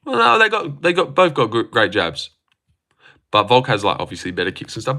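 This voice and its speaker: An Australian man chatting casually on a live stream, excitable and swearing freely as he answers chat comments aloud. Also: medium pitch, brisk.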